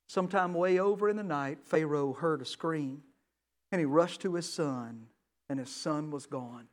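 A man preaching a sermon to a large room, telling a story with acted voices, swinging between loud and hushed. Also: on the high side, moderate pace. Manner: dramatic storytelling with acted dialogue. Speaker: pastor.

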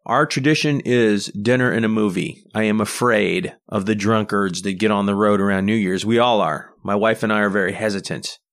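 A man's voice: lowish voice, normal speed, hardly any pauses, a bit bright. A man hosting a podcast, telling rambling personal anecdotes in a casual solo monologue and often restarting his sentences. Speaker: podcast host.

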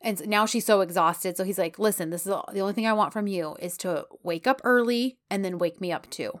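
A woman's voice: mid-range voice, brisk. Chatty woman retelling scenes. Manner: chatty storyteller, quotes characters, lots of "like". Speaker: podcast co-host recapping a TV drama. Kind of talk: casual chat.

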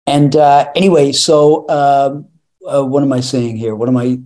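A man who is an actor and a guest on an interview, telling animated, rambling anecdotes with laughter and restarts. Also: medium pitch, a little slow. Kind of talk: interview storytelling.

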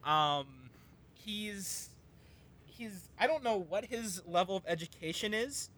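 A man's voice: sits high, expressive, slow, a bit bright. A man telling a long, rambling personal story in a casual chat, full of ums and restarts.

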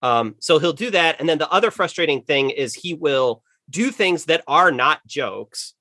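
A man's voice: on the high side, animated, moderate pace, sharp tone, no echo, studio quality. A man who is a podcast guest, chatting casually and rambling with lots of fillers and restarts.

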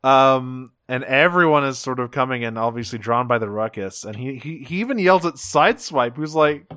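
A man's voice: medium pitch, moderate pace, clean tone, dry recording. A man in his usual middle register co-hosting a loose recap chat, swearing freely as he retells scenes. The recording is dry and close, with no room sound. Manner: swears a lot, animated retelling. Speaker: podcast co-host.

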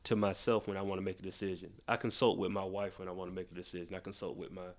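A man's voice: sits low, level tone, very fast. A man co-hosting a podcast, making emphatic points in casual chat and repeating them for effect. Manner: emphatic, repeats points, laughs between lines. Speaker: podcast co-host.

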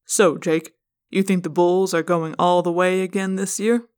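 A woman's voice: on the low side, steady tone, measured pace, a little mellow, clean tone, lightly acted. Woman voicing a jovial middle-aged dad, hearty and teasing; audiobook scene. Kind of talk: fan audiobook reading.

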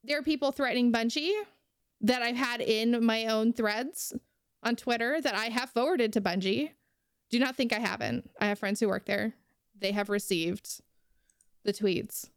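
A woman's voice: on the high side, moderate pace, clear, resonant tone, no echo, studio quality. A young woman co-hosting a casual podcast, ranting heatedly and swearing freely. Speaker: podcast co-host.

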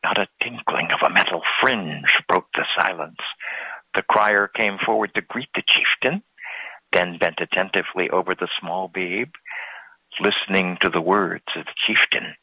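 Male storybook narrator, husky, dry close sound. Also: deep voice, pushed and bright, dry recording, low-quality recording. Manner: slow, deliberate reading. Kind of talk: storybook reading.

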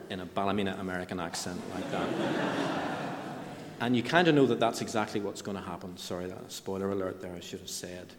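A middle-aged man delivers a sermon in a relaxed, talky way. His voice sits fairly low. A long reverb trails off each phrase, as in a large hall. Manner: conversational, with asides and restarts. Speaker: preacher.

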